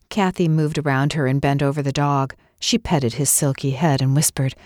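A woman narrating a novel in a measured, expressive storytelling voice. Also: a bass voice, no room sound, clean studio sound. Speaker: audiobook narrator. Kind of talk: scripted narration.

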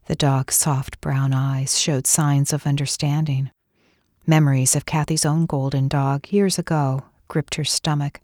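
An audiobook narrator reads a novel aloud in a low, grounded voice, measured and expressive, pacing the scripted story calmly. The sound is close and dry, with no room sound around it.

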